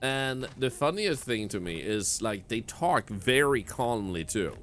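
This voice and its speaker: A man's voice: medium pitch, expressive, unhurried, a bit bright, slight background noise. A man from northern Sweden with a Swedish accent, chatting casually with his viewers while streaming a game and laughing often. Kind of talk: casual live-stream commentary.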